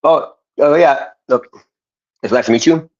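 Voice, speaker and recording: Brief: slow-talking male streamer, mid-pitched, muffled lo-fi audio. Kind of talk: casual livestream chat.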